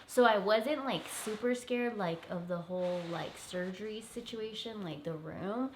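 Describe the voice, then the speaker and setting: A woman's voice: mid-range voice, measured pace, slight background noise. A young woman vlogger telling a personal story in an emotional, earnest way, full of "like"s and close to tears. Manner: tearful, earnest, filler-heavy with many "like"s.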